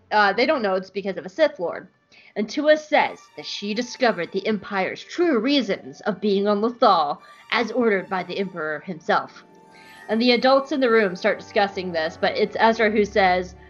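A woman's voice: medium pitch, muffled recording. A woman hosting a podcast who recaps an episode in a playful, giggly, casual way. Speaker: podcast host.

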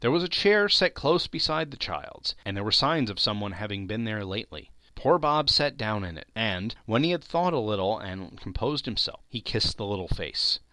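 A man giving a dramatic reading of a classic novel, telling the story with lively expression. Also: lowish voice, normal speed, hardly any pauses, dry recording. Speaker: reader.

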